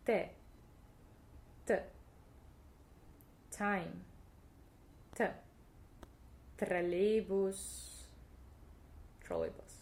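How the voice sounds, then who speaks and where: The Russian-accented woman teaching this alphabet video keeps things playful, slowly sounding out each letter and going over it again for the viewer. As a language teacher, she speaks at a medium pitch with a darkish tone.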